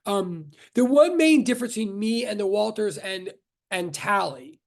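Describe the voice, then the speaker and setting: A man's voice: high voice, animated, normal speed, gravelly. A middle-aged man from Brooklyn teaching physics over a video call, rambling, joking and interrupting himself as he reads the chat. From Brooklyn, New York. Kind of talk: casual class introduction on a video call.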